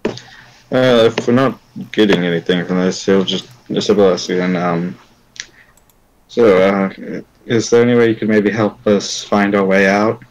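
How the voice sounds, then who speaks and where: Casting note: very low-voiced man, hesitant, rambling player. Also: steady tone, measured pace, low-quality recording. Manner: hesitant, rambling, full of restarts. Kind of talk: casual tabletop role-play.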